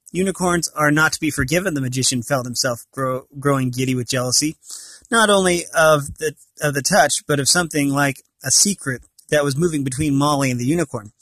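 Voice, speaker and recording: A man's voice: on the high side, a little fast, fairly bright tone, no room sound. Dry-voiced man reading a storybook aloud. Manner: stumbles and corrects himself mid-sentence. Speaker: reader of a novel.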